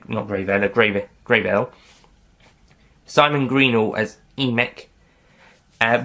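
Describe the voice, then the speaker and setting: Rambling, lowish-voiced male film reviewer. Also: sharp tone. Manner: rambling, self-correcting, light joking asides. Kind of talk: casual spoken review.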